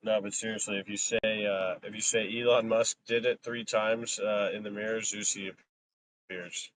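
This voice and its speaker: A man's voice: on the low side, flat delivery, moderate pace, a bit bright, poor audio. A man joking around and rambling in casual live stream banter, laughing often.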